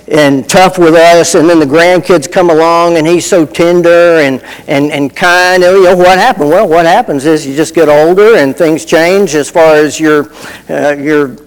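A man's voice: on the high side, clear, resonant tone, long reverb tail, low-quality recording. A middle-aged man preaching a sermon in a folksy, conversational way, telling personal stories with asides. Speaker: pastor.

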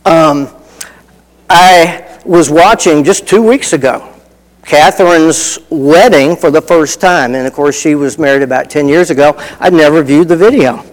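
A man's voice: a little high, unhurried, long reverb tail, poor audio. A middle-aged man preaching a sermon in a folksy, conversational way, telling personal stories with asides. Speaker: pastor.

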